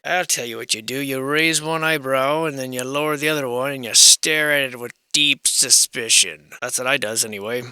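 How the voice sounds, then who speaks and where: Sarcastic man with a very bright voice. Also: medium pitch, moderate pace, few pauses, clean tone, dry recording. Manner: sarcastic, irreverent, swears freely; rambling, thinks aloud with asides. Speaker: channel host. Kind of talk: casual commentary on old building survey photos.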